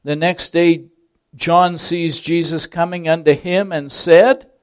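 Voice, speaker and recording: A man preaching a sermon with slow, deliberate phrasing, dropping to near whispers and then rising to loud emphasis on key words. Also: fairly high pitch, steady tone, clean tone.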